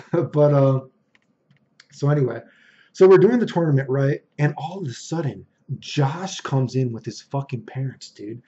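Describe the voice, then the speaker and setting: A man's voice: mid-range voice, expressive, measured pace, pauses often, dark tone, lo-fi sound. A man casually telling a long story, rambling, swearing and getting heated as he goes. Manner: rambling, profane, heated retelling.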